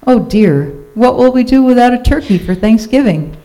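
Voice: mid-range voice, animated, moderate pace, warm tone, voice pushed up, lightly acted, rough recording. A reader voicing a farmer's wife in a storybook read-aloud, fussy and anxious. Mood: fussing. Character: farmer's wife, fussing middle-aged woman.

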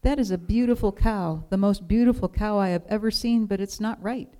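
A woman's voice: mid-range voice, a little fast, dark tone, pitched above the performer's own voice, lightly acted. A woman voicing an earnest, polite seven-year-old boy in a storybook reading. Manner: timid, careful, polite.

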